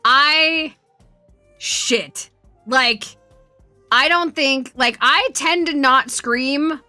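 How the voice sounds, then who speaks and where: A woman streamer telling rambling, profane stories with a bright, forceful voice. She speaks a little higher than most women, and her voice is close and dry with faint music underneath. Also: extremely slow, no room sound. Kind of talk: casual stream chat. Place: home streaming setup.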